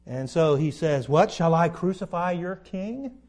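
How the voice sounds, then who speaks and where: A man's voice: a little high, lively intonation, a little slow, darkish tone. A man preaching a verse-by-verse Bible lesson in a conversational way, asking his listeners questions and acting out the quoted lines.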